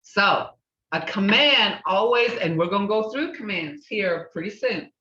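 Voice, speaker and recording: An older woman teaching a language class, repeating words slowly and checking in with "okay?". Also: mid-range voice, lively intonation, pushed and bright. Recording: echoey, distant, dull room recording.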